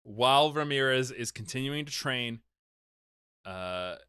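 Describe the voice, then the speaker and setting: A man co-hosting a casual chat, retelling a film plot in an animated way, swearing and laughing often. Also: medium pitch, slow pace, clear, resonant tone, no echo, clean studio sound. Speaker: podcast co-host recapping a film.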